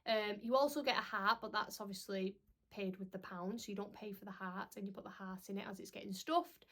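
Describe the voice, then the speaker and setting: Young woman, casual vlog chat, rambling, lots of ums, mid-pitched voice. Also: steady tone, brisk, pushed and bright. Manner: chatty and rambling, with frequent "um"s. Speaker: parenting vlogger.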